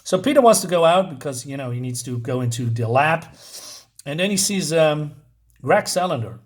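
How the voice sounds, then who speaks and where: A man's voice: fairly high pitch, expressive, moderate pace. A man casually reviewing a comic book in a rambling way, with lots of filler words.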